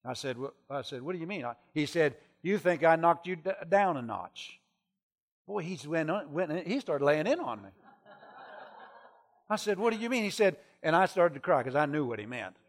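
A middle-aged man preaches a sermon, telling a story from the road. His voice sits a little high, and he swings from hushed confession to full-throated shouting. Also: very animated, normal speed. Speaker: traveling preacher.

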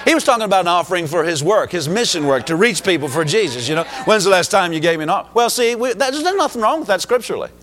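A man's voice: sits high, animated, fast talker, hardly any pauses, a bit bright. A man from the United States preaching a sermon as pastor, emphatic, with rising exclamations.

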